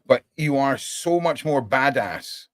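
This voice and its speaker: Man, livestream host, chatty and animated, dry close sound. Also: medium pitch, takes it slowly, no echo. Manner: animated, chatty, says "right?" often. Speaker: podcast host. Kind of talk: casual livestream chat.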